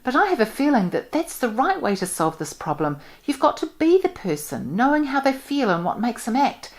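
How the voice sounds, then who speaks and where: A woman's voice: fairly high pitch, very animated, moderate pace, pitched above the performer's own voice. A woman reading aloud and voicing an imaginative young woman who muses intensely in a dramatic way. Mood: brooding.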